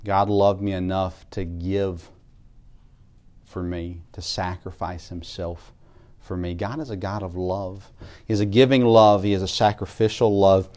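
A man preaching a sermon, reading scripture aloud in King James wording and building from quiet reflection to louder emphasis. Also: low voice, steady tone, measured pace.

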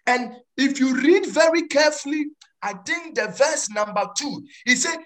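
A woman's voice: sits high, normal speed. Woman preaching with emphatic repetition. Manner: repetitive, emphatic, frequent restarts. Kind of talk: sermon.

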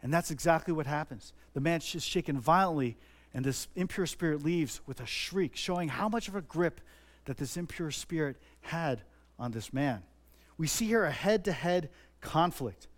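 A man's voice: on the high side, animated, moderate pace. A middle-aged man preaching a sermon, earnest and repetitive, leaning hard on stressed words. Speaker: pastor.

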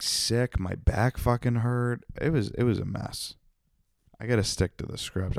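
A man's voice: low voice, creaky, darkish tone, smooth, dry recording, clean studio sound. A comedian hosting his own podcast, rambling and profane in a tired, self-mocking solo monologue. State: tired, yawning.

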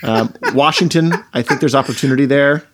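A man's voice: medium pitch, brisk. Wry man riffing on football. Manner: wry, tangent-prone. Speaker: podcast host. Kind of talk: casual sports chat.

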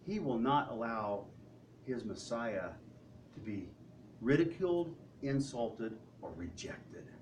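A male pastor preaching a sermon in an animated, conversational way. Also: mid-range voice, slow pace. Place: church sanctuary. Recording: distant mic with faint room noise.

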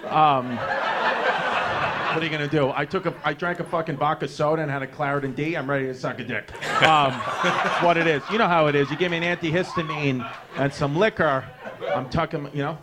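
New male comic in his 30s, loose profane storyteller, higher-pitched, live club audio with noisy room. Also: normal speed. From New York. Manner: brash, profane, rambling with fillers. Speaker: stand-up comedian. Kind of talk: stand-up storytelling. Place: comedy club stage with live audience.

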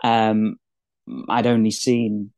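A man's voice: lowish voice, flat delivery, slow pace, darkish tone, dry recording. A man in casual podcast chat, speaking in an easygoing, hesitant way and often restarting his sentences. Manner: easygoing, hesitant, many restarts and agreeing murmurs. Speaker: podcast co-host. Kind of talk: casual chat commenting while watching.

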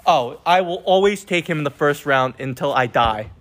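A young man with a fairly high voice co-hosts a casual sports podcast at a moderate pace. He rants about football in a brash, joking, animated way.

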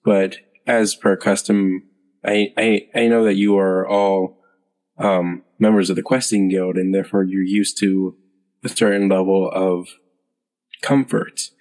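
Tabletop game voice: a man doing a stately, weary king, low and unhurried, reverberant hall. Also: level tone, a little mellow. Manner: halting, stately speech with many fillers. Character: formal male human king, weary.

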